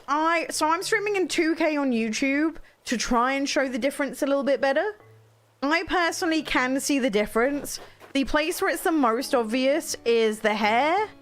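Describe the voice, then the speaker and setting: A woman chats casually on a live game stream, answering viewers as she goes. Her voice sits high and swings widely up and down. Faint music plays behind her. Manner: chatty, reacts to viewers' comments. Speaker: streamer playing a video game.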